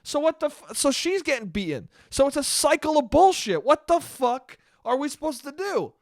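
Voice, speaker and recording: A man hosts a solo podcast, spinning a rambling story full of profanity and restarted sentences. His voice is extremely high with big pitch swings, delivered at normal speed in a clean studio recording with no room sound.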